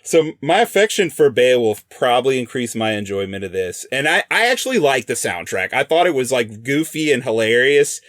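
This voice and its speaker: A man's voice: mid-range voice, sing-song, moderate pace, few pauses, fairly bright tone, dry recording, clean studio sound. A man co-hosting a film podcast, chatting casually and enthusiastically, laughing often as he tells long stories. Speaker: podcast co-host.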